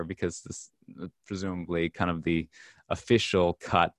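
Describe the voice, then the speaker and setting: A man co-hosting a casual podcast about movies, talking in a halting way with many fillers and restarts. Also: low-pitched, little pitch movement, no room sound. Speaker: podcast co-host. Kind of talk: casual film discussion.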